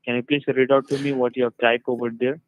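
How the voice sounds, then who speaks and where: A man's voice: mid-range voice, little pitch movement, quick pace, no echo. A man on a phone call as a call-center agent, insistently repeating step-by-step instructions.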